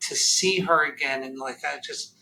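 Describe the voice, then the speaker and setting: A man telling a deeply personal story as a podcast guest, halting and emotional, near tears, with many fillers and restarts. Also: sharp tone, slight background noise, poor audio.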